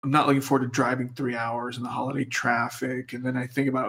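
A man co-hosting a casual podcast chat, low-key and hesitant, with a self-deprecating way of talking. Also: steady tone, brisk, a bit bright. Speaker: podcast co-host.

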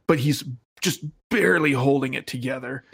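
A man in casual film talk, enthusiastic and halting, with many restarts. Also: mid-range voice, vocal fry, a bit bright, husky.

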